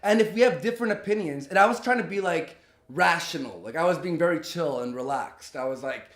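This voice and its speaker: Man ranting fast with lots of swearing. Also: sits high, roomy sound. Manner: heated, profane, animated retelling with quoted dialogue. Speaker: vlogger telling a story. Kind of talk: ranting storytime.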